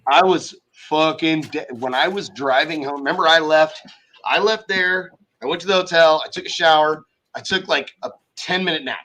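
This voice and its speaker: Bright-voiced man swearing through a rambling story. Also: a little high, moderate pace. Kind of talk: casual chat.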